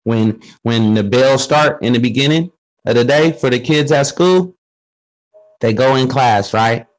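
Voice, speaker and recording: Brief: man, middle pitch, relaxed slangy explainer in a casual group talk. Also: measured pace, low-quality recording. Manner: explains with questions and street slang. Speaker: speaker in a group discussion. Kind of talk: casual conversational monologue.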